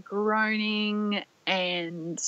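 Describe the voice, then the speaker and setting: Soft-spoken Australian woman telling her story. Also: medium pitch, steady tone, very slow, clear, resonant tone, dry recording. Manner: soft, rambling, many "like" fillers. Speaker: guest. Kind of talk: personal storytelling interview. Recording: dry, slightly dull lo-fi audio.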